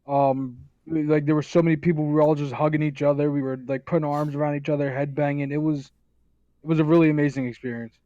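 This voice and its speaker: A man on a casual talk show panel, telling a story in an excited, rambling way. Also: fairly high pitch, fast talker, no room sound, dull audio. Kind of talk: casual chat.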